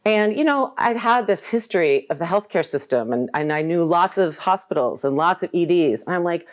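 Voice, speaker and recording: A woman's voice: fairly low pitch, lively intonation, moderate pace, hardly any pauses. A woman in her forties telling a candid, humorous personal story at a live talk. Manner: candid, humorous, acts out quoted voices. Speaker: guest speaker.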